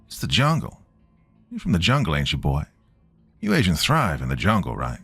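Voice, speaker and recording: A man's voice: sits low, wildly swooping pitch, moderate pace, gravelly, fairly bright tone, slightly rough, dry recording, faint music behind, heavily acted. A man voicing a sneering bigoted navy captain. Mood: contemptuous. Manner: sneering, taunting.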